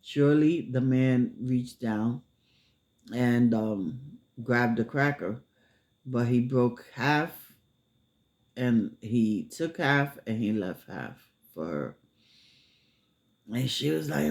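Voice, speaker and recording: A man telling a story casually, unhurried, with many filler pauses. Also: medium pitch, vocal fry, a little mellow.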